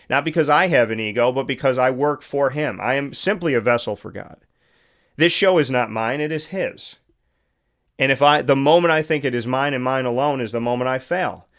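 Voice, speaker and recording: A middle-aged man with a Central New York accent talks like a morning radio host giving a pep talk. His delivery is earnest and conversational, circling back to the same phrases to drive a point home. His voice sits at an ordinary male pitch. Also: normal speed, a bit bright. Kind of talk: motivational monologue.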